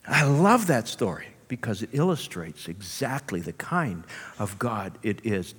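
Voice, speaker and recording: A male pastor preaching a sermon with animated storytelling and rhetorical asides, in a church hall. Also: on the low side, measured pace, breathy edge. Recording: long hall reverb.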